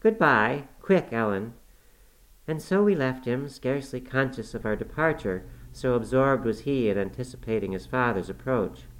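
A man narrating a classic novel in the first person, steady and measured. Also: medium pitch, low-quality recording. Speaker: audiobook narrator.

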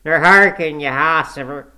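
A man's voice: a little high, normal speed, bright, forceful tone, voice pushed up. A man voicing a cantankerous, pious old male servant, scolding and groaning. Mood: ranting. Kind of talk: audiobook character voice.

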